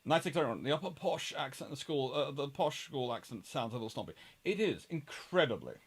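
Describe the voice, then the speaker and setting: A man's voice: mid-range voice, fast, husky. A man from England hosting a casual livestream, reading out viewer questions and answering them conversationally. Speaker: host.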